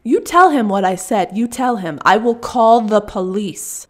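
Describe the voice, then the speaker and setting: A woman doing a shrill, furious young Russian woman. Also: animated, measured pace. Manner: shrill, shouting, clipped broken English.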